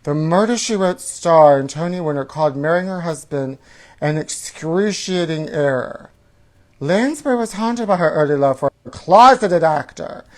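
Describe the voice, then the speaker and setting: A man's voice: a little high, expressive, normal speed. Sassy gossiping man reading tabloids. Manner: sassy, gossipy, calls the listener honey. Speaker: comedy show host. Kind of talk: campy comedic reading of tabloid headlines.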